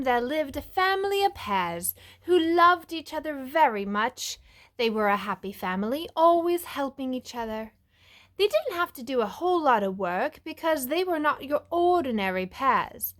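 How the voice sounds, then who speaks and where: A woman teacher reading a storybook aloud to young children in a put-on British accent, lively and expressive. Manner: lively, expressive storyteller with big pitch swings. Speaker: music teacher.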